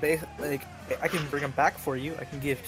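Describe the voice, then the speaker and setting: A man's voice: on the high side, little pitch movement, brisk, music in the background. A man playing a tabletop game, talking casually, impulsive and stammering. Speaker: player.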